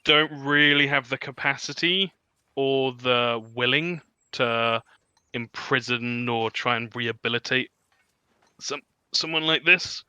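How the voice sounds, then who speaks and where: Brief: relaxed male game master, crisp and bright. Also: medium pitch, takes it slowly, no echo. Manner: relaxed, with frequent ums and laughs. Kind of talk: narrating a tabletop game.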